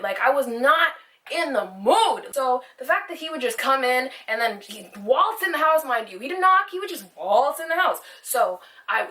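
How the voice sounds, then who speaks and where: High bright woman ranting a storytime. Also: far from the mic. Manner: rambling, heated, swears constantly. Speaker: vlogger. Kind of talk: storytime vlog. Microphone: phone camera.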